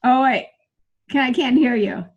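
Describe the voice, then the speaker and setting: A woman's voice: high-pitched, unhurried, slightly rough, dull audio. A woman teaching a live online workshop as a speaking coach, upbeat and encouraging, chatting with her students by name over a video call.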